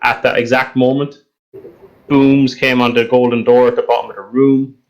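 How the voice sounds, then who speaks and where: A man running a tabletop game as dungeon master, narrating the scene in steady description with frequent ums and uhs. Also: mid-range voice, moderate pace, muffled recording.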